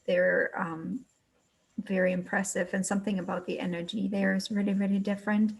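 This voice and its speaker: A woman speaking in a soft, reflective tone as she shares her own experience in a conversation. She gropes for words at times and laughs lightly at her own attempts to explain. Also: medium pitch, flat delivery, fairly quick, vocal fry, breathy edge, low-quality recording. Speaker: participant in a storytelling circle. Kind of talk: casual spoken reflection.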